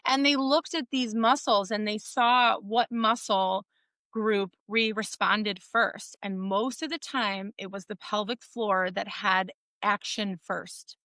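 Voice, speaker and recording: A woman physical therapist, a guest on an interview show, explaining her work in casual, animated talk full of "like" and "right?". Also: medium pitch, takes it slowly, no echo. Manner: animated storytelling, frequent "like" and "right?".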